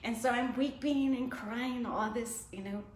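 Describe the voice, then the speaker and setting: A woman's voice: a little high, unhurried. A woman telling a personal faith story in casual conversation, laughing often and acting out her own past thoughts. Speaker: guest. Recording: echoey room, faint noise.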